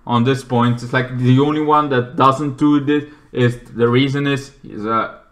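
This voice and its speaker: A man reviewing a movie in a rambling, casual way, restarting often and breaking into loud acted-out shouts. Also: mid-range voice, steady tone, unhurried.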